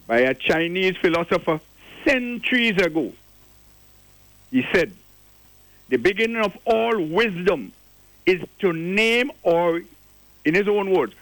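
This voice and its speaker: An older man speaks in a strikingly high, bright voice, sermonizing like a preacher as he calls in to a radio show. His delivery is rhetorical and insistent, hammering on single words to make his point. The sound is close and dry, with no room around it. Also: no room sound, rough recording. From Grenada. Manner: preachy, rhetorical, repeats key words for stress. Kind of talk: impassioned call-in commentary.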